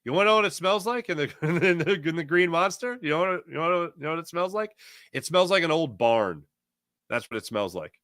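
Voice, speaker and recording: A man hosts a laid-back sports talk show, reading viewer chat and telling stories in an animated, chatty way with frequent laughter. His voice is on the high side, fairly quick, clear and resonant, with no echo.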